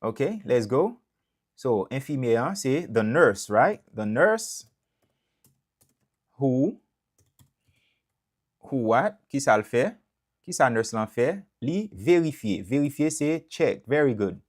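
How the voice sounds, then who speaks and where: A man with a Haitian accent teaching English in a live online lesson, mixing Creole and English and repeating each example sentence slowly. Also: medium pitch, lively intonation.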